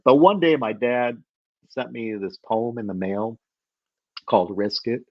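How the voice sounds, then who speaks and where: A man's voice: mid-range voice, animated, unhurried, no echo, muffled recording. A man in his fifties, a guest from the Chicago area, telling a personal story with many restarts and laughing at himself.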